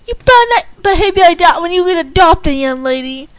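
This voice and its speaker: A woman's voice: very high-pitched, expressive, normal speed, voice pushed up. A woman voicing a stern but kindly orphanage matron in a read-aloud story, with a scolding manner.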